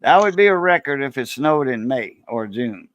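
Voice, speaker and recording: A man's voice: medium pitch, normal speed, lo-fi sound. A man with a Cajun Louisiana accent, hosting a casual coin-collecting live stream and animatedly telling stories, acting out other people's voices. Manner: animated storyteller, acts out quoted voices. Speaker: coin-collecting channel host.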